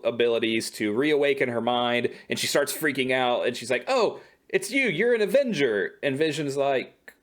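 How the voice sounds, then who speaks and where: A man recaps an episode for his podcast co-host, talking at an even middle pitch. He rambles and stops to correct himself. The tone is relaxed and conversational. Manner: rambling, self-correcting storyteller.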